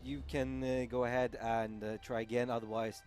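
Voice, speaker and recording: A man's voice: medium pitch, normal speed, faint music behind. A man from Sweden co-hosting a live game stream, talking casually with many hesitations. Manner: relaxed, hesitant, many fillers. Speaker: stream co-host. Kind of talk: casual live-stream chat over gameplay.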